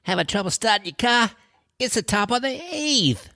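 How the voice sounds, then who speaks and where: A man voicing an excitable male sports-fan buddy, loud, teasing and slangy. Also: sits high, moderate pace, creaky, no echo, studio quality, pitched above the performer's own voice, heavily acted. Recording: noisy street ambience.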